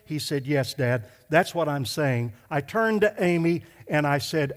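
A middle-aged male pastor telling a story in a sermon, emphatic and slowing down to stress his points. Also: a little high, animated. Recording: hall reverb.

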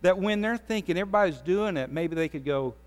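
A man's voice: high-pitched, expressive, fast talker, long reverb tail. A man preaching a conversational sermon as the pastor. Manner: conversational preaching, pleading with the audience.

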